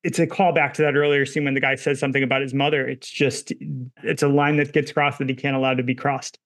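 Flat-toned man analyzing film scenes. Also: medium pitch, quick pace. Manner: analytical, talks through film technique. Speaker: film podcast co-host. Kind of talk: casual film discussion.

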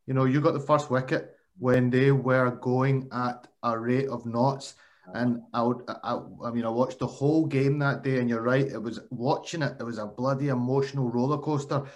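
A man's voice: medium pitch, fairly even intonation, normal speed. A man hosting a casual interview, friendly and chatty. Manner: friendly, calls the guest mate. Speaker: podcast host.

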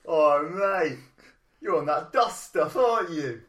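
A man voicing a brash, mocking man from the street, loud and jeering. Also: a little high, expressive, takes it slowly, roomy sound, distant mic, voice pushed up.

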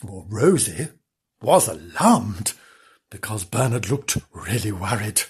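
A woman's voice: rumbling low, sing-song, takes it slowly, darkish tone, slightly rough. A woman reading a children's story aloud. She gives sardonic, exasperated asides to her own characters.

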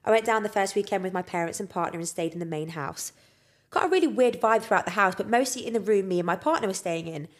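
A woman's voice: medium pitch, quick pace. A young woman co-hosting a podcast, reading out listener ghost stories with lots of feeling and frequent swearing and laughter. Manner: expressive, swears freely, laughs often. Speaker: podcast co-host.

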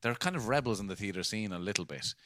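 A man's voice: fairly low pitch, lively intonation, fast talker, pushed and bright. A man with a Cork accent, a podcast guest telling rambling theatre anecdotes in casual chat, with frequent swearing.

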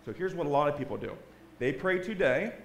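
An earnest man shares his testimony from the front of a church, often pausing on "right?". His voice sits somewhat high, and the sanctuary gives it a roomy echo. A faint hum runs underneath. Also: expressive. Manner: earnest, keeps asking "right?". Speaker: guest speaker giving a testimony.

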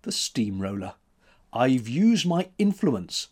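A man's voice: sing-song, a little mellow. A man voicing a spirited, defiant young woman sculptor who talks in a raised, teasing voice. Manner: teasing, quick-tempered, higher voice.

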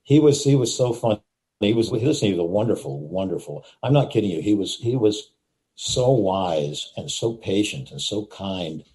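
A man's voice: on the low side, lively intonation, moderate pace, mellow. An older man, an actor and interview guest, telling stories vividly, acting out moments and repeating phrases for effect. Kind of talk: animated anecdote telling.

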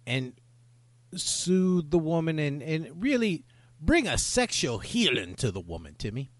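A man co-hosting a comedy podcast, bantering with boastful, deadpan tall tales about himself. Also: a little high, a little slow, dry recording. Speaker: podcast co-host. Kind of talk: casual comedic podcast chat.

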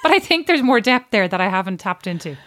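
A woman's voice: mid-range voice, fast talker. A middle-aged woman co-hosting a podcast, telling a long anecdote and acting out the people in it. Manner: animated anecdote-teller, acts out quotes. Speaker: podcast co-host. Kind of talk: casual chat, storytelling.

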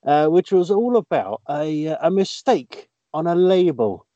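A man's voice: a little high, sing-song, measured pace, warm tone, no room sound, lo-fi sound. A man co-hosting a casual podcast, chatting and sharing news stories. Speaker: podcast co-host.

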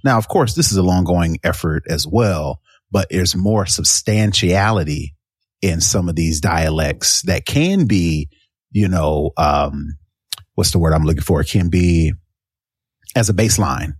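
A man's voice: sits low, expressive, measured pace, husky, no room sound, studio quality. A man co-hosting a casual tech podcast, rambling and searching for words as he explains. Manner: rambling, searching for words, many "you know"s. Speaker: podcast co-host.

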